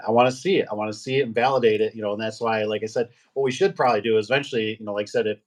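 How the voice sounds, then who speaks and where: A man's voice: fairly low pitch, very fast. Rambling middle-aged man telling shop stories. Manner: rambling, animated anecdotes with acted-out quotes. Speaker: guest, garage door business owner. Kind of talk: casual storytelling chat.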